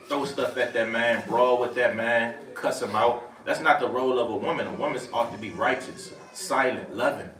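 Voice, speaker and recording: A man's voice: fairly low pitch, fairly bright tone. A man teaching scripture in a casual preaching style, repeating verses and asking "right?" after each point. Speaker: teacher leading scripture study. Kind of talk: street-preaching bible lesson. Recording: echoey room, mic far off, faint noise.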